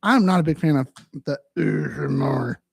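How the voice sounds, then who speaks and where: A man's voice: on the high side, lively intonation, normal speed, gravelly, husky, no echo. A man hosting a livestream in a casual, rambling, joking way, talking straight to his chat. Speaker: livestream host.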